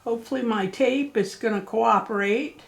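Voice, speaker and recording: Woman, craft shop presenter, casual folksy tutorial delivery, fairly high pitch. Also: normal speed, vocal fry. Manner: chatty, folksy and encouraging.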